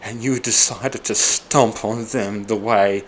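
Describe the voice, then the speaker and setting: Angry, hurt man venting, low voice. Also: steady tone, takes it slowly, a little hiss or hum. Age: 40s. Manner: bitter, angry and raw, swearing. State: upset and exhausted. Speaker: vlogger. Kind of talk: emotional personal monologue.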